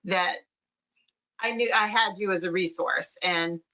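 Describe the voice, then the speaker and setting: A woman's voice: on the low side, a little slow, bright, forceful tone, low-quality recording. A woman guest on a podcast, a dog owner who speaks earnestly and thoughtfully. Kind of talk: casual podcast chat.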